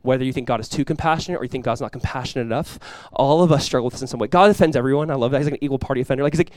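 A male pastor preaching a sermon, talking conversationally and then rising to loud, passionate peaks. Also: medium pitch, racing, few pauses, no room sound.

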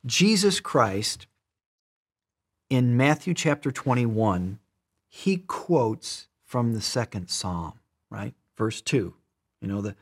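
Husky-voiced man preaching a sermon. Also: medium pitch, sing-song, slow. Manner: emphatic, repeats words, shifts between loud and soft.

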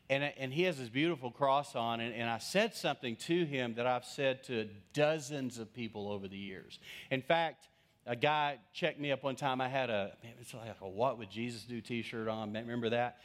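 A male pastor preaching through a humorous personal story and acting out the quoted voices of the people in it. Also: mid-range voice. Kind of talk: storytelling sermon.

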